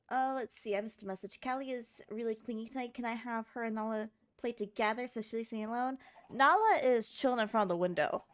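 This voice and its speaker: A woman streaming a game in a casual, rambling way, sounding sleepy after just waking up and chatting with her viewers. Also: a little high.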